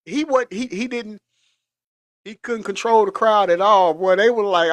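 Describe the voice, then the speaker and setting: Casting: high-pitched man, chatty reaction host, teary from laughing, dry close mic. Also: measured pace, no room sound. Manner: laughing hard, animated, chatty. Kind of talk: casual reaction commentary.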